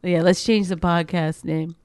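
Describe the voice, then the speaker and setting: A woman's voice: fairly low pitch, fairly even intonation, a little slow, a little mellow, clear, resonant tone, no echo. A woman co-hosting a podcast, bickering with her husband in a blunt, sarcastic way and swearing freely. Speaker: podcast co-host. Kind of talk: casual bickering chat.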